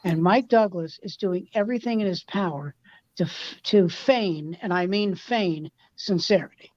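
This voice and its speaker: Female comedian, lively anecdote teller, muffled dry recording. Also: fairly low pitch, normal speed, no room sound. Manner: animated anecdote telling with quoted voices. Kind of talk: casual storytelling chat.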